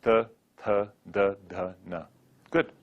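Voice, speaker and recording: A man's voice: on the low side, animated, slow pace, highs cut off. A man teaching a Sanskrit pronunciation class, drilling syllables aloud for students to repeat. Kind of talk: classroom lecture.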